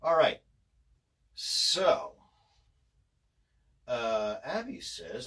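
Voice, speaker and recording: A man's voice: medium pitch, very animated, unhurried, vocal fry, long pauses, fairly bright tone. A man chatting casually on a livestream as he signs autographs, narrating each step and joking at his own expense. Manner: chatty and self-deprecating, narrating what he does. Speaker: voice actor signing autographs on a livestream.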